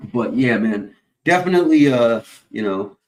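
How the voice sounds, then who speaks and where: A man's voice: mid-range voice, darkish tone. A man hosting a stream, rambling in casual chat, swearing constantly and filling gaps with uh and whatchamacallit. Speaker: stream host.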